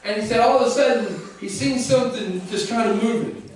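High-voiced fervent preacher in an echoey hall. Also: male voice, a little fast, slight background noise. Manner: fervent, calls out to the congregation and rises to shouts. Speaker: pastor. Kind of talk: preaching a sermon. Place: church sanctuary. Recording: echoey church hall from a distant mic.

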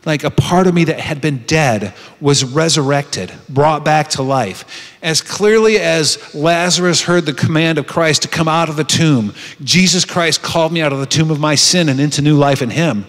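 A man's voice: fairly high pitch, moderate pace, a bit bright. A man giving a heartfelt personal testimony at a retreat, telling his story earnestly with frequent restarts. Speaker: retreat speaker. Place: conference hall. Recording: long hall reverb.

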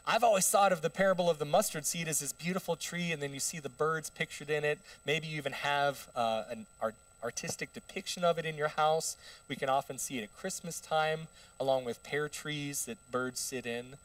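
A man's voice: fairly high pitch, brisk, few pauses, fairly bright tone, far from the mic. Male pastor preaching, heard from afar. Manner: conversational, with rhetorical questions to the congregation. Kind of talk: sermon. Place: church sanctuary.

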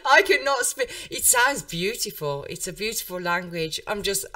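Chatty English woman host with a Birmingham accent, giggly and animated, recorded a little off-mic. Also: mid-range voice, normal speed, recorded from a distance. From England. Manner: bubbly, laughs often. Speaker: podcast host. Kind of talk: casual interview chat.

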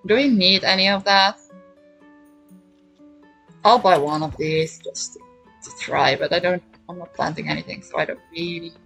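Streaming a farming game, a woman chats playfully and reads the dialogue aloud, often saying short phrases twice, with faint game music behind her. Her lowish, fairly bright voice has vocal fry, moves at normal speed with frequent pauses, and the recording quality is low.

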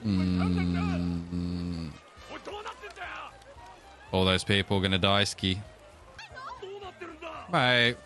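A young man hosting an anime reaction video, excitable, swearing freely and shouting when the action peaks. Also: low voice, very slow, pauses often, over music. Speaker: reaction channel host. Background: faint anime soundtrack.

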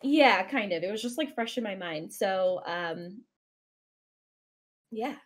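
A woman's voice: mid-range voice, lively intonation, slow. A woman with an American accent, chatting as a guest on a casual podcast, telling a rambling story full of fillers. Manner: chatty, self-conscious storytelling with many fillers. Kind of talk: casual chat.

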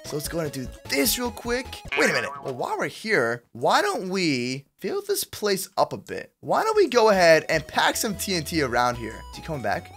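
Excitable male gaming YouTuber, lively swooping delivery, slangy hype commentary. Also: a little high, a little fast, few pauses, soft background music. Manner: hyped, slangy, excitable, talks to viewers. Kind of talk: Minecraft gameplay commentary.

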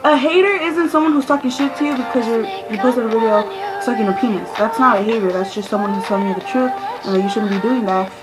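A woman with a fairly high voice rants into the camera, loud, exasperated and full of swearing. Music plays clearly behind her the whole time. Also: fast, poor audio. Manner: profane, ranting, loud and exasperated. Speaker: vlogger. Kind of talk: ranting vlog. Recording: music playing loudly behind.

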